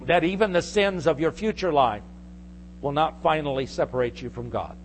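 Guy preaching a sermon, kinda high voice, gets loud and forceful, faint hum behind. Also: normal speed. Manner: preaching, rising to forceful emphasis. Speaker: pastor.

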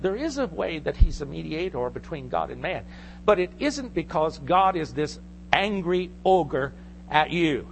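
A male pastor preaching a sermon, teaching from scripture and rising to forceful emphasis. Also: a little high, lively intonation, unhurried, vocal fry, a little hiss or hum.

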